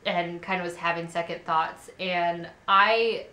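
A woman's voice: on the low side, steady tone, a little slow, bright, forceful tone. A woman in her twenties chatting casually to camera at home as a vlogger, candid and rambling with many fillers. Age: 20s. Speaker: parenting vlogger. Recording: roomy echo.

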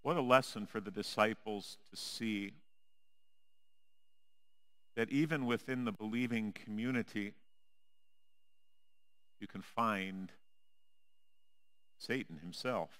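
A male pastor preaching a sermon in a church, with a measured, dramatic delivery that drops low and quiet on the repeated refrains. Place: church sanctuary.

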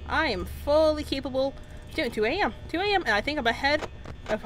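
A woman's voice: sits high, lively intonation, fairly quick, slight background noise, rough recording. A young adult woman commentating a horror game, jumpy and nervous, babbling and swearing constantly. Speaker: gaming channel host.

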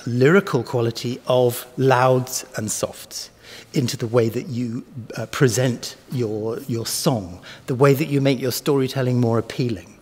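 A man's voice: mid-range voice, darkish tone, breathy edge, in a large hall. A man, a cellist, explaining musical ideas to camera in a thoughtful teaching manner, sometimes speaking words aloud to show their stress. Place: filming space with flickering lights, echoey. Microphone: microphone in front of him.

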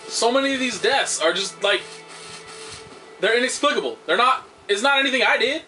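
A man commentating on his own gameplay, swearing loudly at the game and making sarcastic remarks. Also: very high-pitched, animated, moderate pace, faint music behind. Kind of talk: let's play commentary.

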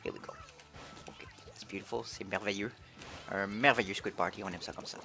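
A man streaming a video game live, chatting playfully and excitedly. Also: on the low side, fast, faint music behind. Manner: playful, excitable, switching between English and French. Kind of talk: casual live-stream commentary.

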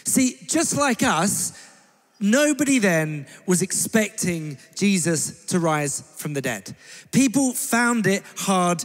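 A man, a pastor, preaching in a steady, measured way with light humour. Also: high voice, soft background music. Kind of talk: sermon. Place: church hall. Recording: echoey church hall.

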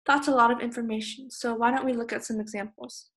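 A woman's voice: fairly high pitch, fairly even intonation, fast. A teenage girl from California who teaches a recorded online lesson, explaining plainly and patiently. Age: teens. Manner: plain, patient explaining, raises voice on example shouts. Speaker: student teacher.

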